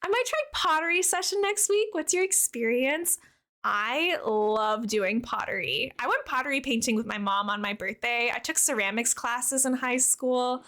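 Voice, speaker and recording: A woman's voice: fairly high pitch, normal speed, bright, forceful tone. A young woman in her twenties chatting casually on a live stream, bubbly and chatty as she plays and answers her chat.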